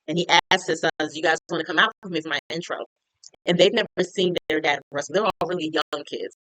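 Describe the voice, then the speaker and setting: A woman's voice: on the low side, fairly bright tone, dry recording, rough recording. A woman chatting casually as she recaps a TV episode, retelling scenes with lots of "like". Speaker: TV recap reviewer.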